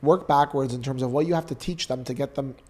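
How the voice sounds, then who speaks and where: With a medium-pitched voice and a quick pace, a Canadian man in his thirties recounts something emotional from his life. He co-hosts a podcast and speaks earnestly and with animation.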